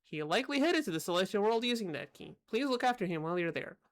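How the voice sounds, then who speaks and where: A woman voicing a stately older male king, lowering her voice to sound like a man. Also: lively intonation, quick pace, close to an everyday voice. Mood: regal. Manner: lowered voice, trying to sound manly.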